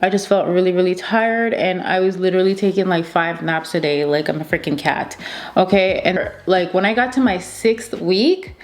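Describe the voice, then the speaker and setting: A woman's voice: lowish voice, normal speed. A woman in her thirties chatting casually to camera as a beauty vlogger, telling a story with lots of repeated emphasis. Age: 30s.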